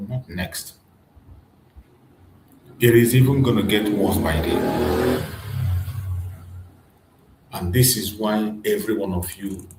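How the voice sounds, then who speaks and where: A man's voice: on the low side, darkish tone. A man giving impassioned political commentary, rallying his listeners with emphatic repetition. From Nigeria. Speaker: activist commentator. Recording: echoey room with faint noise.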